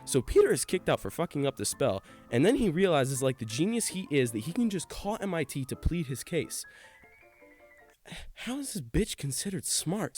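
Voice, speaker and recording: A young man narrating a sarcastic, crude plot recap in a deadpan, irreverent way. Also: medium pitch. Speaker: comedy narrator.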